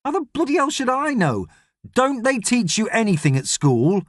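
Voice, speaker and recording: A man playing a gruff astronaut. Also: very high-pitched, very animated, normal speed, dry recording, studio quality, pitched above the performer's own voice, full character voice. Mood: stern. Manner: stern, exasperated, lecturing. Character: gruff grumpy middle-aged male astronaut. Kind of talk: audiobook character reading.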